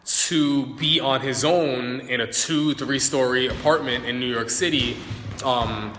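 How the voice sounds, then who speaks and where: A man explains dog training to live viewers in a loose, chatty way, checking in with "right?" and "like" as he works the dogs. His voice comes across bright and forward. It bounces around a large hard-walled room with a long, ringing reverb. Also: medium pitch, a little slow, slight background noise. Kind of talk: casual live-stream explanation.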